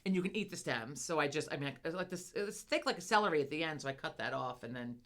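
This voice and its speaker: A woman's voice: deep voice, quick pace. A middle-aged woman co-hosting a podcast, telling a cooking story in casual chat with lots of swearing. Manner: profane, animated storytelling. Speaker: podcast co-host.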